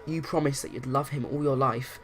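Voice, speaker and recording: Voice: mid-range voice, steady tone, brisk, lightly acted, rough recording. A player voicing a loyal young woman who stands up for her friend. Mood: angry. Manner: firm and indignant.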